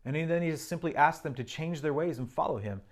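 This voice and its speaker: A man's voice: a little high, fast. A man preaching a sermon, earnestly reading and explaining scripture with emphasis.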